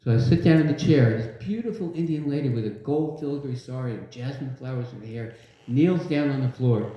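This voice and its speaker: A man's voice: mid-range voice, a little fast. An older man giving a devotional talk to a live audience in a large hall, telling humorous stories and leading call-and-response. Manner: humorous, lively storyteller. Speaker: devotional speaker. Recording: very echoey, dull hall recording.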